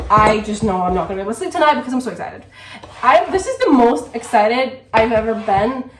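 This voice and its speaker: A woman's voice: fairly high pitch, noisy background. Chatty young woman vlogging in an echoey kitchen. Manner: chatty, rambling, full of "like". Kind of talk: casual vlog chat. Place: home kitchen. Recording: echoey room.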